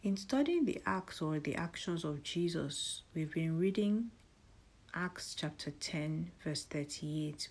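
Husky low-voiced woman leading a devotional. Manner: soft, often breathy half-whispered delivery. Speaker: devotional host. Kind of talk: devotional prayer and scripture reading.

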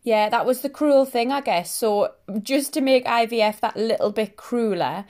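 A woman's voice: on the high side, moderate pace, a little mellow. A woman, candidly chatting as a podcast co-host and making self-deprecating jokes. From England. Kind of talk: casual chat.

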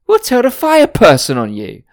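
A man's voice: extremely high pitch, huge pitch swings, moderate pace, no echo, studio quality, pitched above the performer's own voice, heavily acted. A man voicing an indignant young male hiker with a whiny, tattling manner. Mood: whiny scolding.

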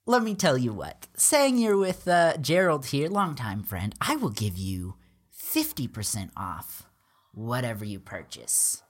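A woman voicing a cheerful male gnome traveling merchant with loud, high, chummy sales patter. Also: sing-song, unhurried, exaggerated voice. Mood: salesy.

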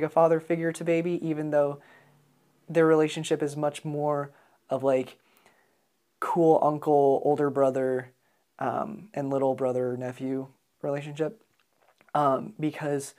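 A man's voice: on the high side, a little mellow. Hesitant American man talking films. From United States. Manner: hesitant, many ums and restarts. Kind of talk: casual film discussion.

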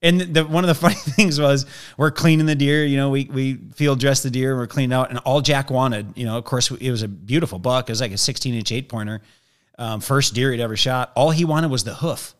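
A man telling a hunting story in a lively way, acting out the voices of the people in it. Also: medium pitch, brisk, clean tone.

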